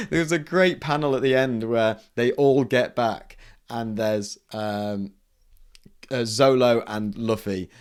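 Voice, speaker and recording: A man's voice: medium pitch, slow, clean tone. Man, podcast co-host, casual, giggly, bursts into character voices. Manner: laughing often, acting out characters' lines in bursts. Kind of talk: casual chat about manga.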